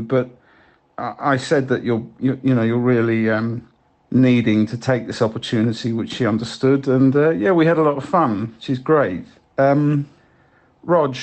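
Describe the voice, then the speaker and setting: A man leaving rambling, halting voicemail messages for a friend, with many restarts. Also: mid-range voice, natural voice. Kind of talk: improvised comedy voicemails.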